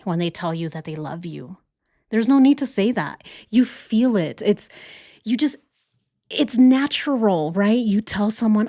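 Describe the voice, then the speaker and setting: A woman hosting a casual reaction commentary, indignant and full of rhetorical questions. She circles back and repeats her points. Her middle-pitched voice sounds dry and close. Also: expressive, unhurried, darkish tone, no echo. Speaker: reaction channel host.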